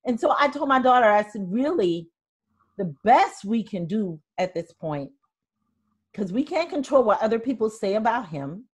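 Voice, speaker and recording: An older woman hosting a podcast, chatting casually and telling stories with soft laughs. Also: a little high, very animated, moderate pace, husky. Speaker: podcast host. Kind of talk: casual interview chat.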